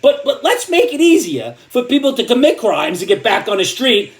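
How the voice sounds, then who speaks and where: A man's voice: extremely high pitch, sing-song, moderate pace. An older man delivering an angry, sarcastic comedic rant, often repeating words as he gets worked up. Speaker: comedic commentator.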